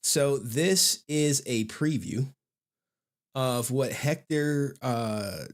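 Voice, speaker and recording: A man's voice: medium pitch, extremely slow. A man hosting a live stream in casual commentary, slangy and laughing, with repeated asides.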